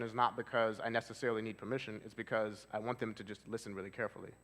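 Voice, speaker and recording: In a church hall with long reverb, a male therapist leads a casual seminar, chatting conversationally, using plenty of fillers, and putting questions to the audience. His voice is lowish and a bit bright, delivered rapid-fire with fairly even intonation.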